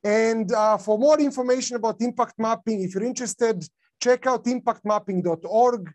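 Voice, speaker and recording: A man's voice: very high voice, moderate pace, darkish tone. A man with a non-native English accent giving a conference talk, casual, with many fillers and restarts. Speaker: conference speaker.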